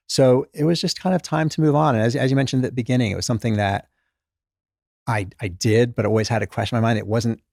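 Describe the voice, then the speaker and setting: Middle-aged male guest, rapid gravelly delivery, dry close sound, lively storyteller. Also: medium pitch, dry recording. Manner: animated, self-deprecating, lots of restarts and quoted inner thoughts. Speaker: guest author, former doctor. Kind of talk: casual interview storytelling.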